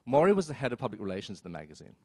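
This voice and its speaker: A man telling a story on stage at a live event, wry and self-mocking, with quick asides and acted-out quotes. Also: medium pitch, sing-song, slightly rough, no room sound, clean studio sound. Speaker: storyteller, film critic. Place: theater stage before an audience.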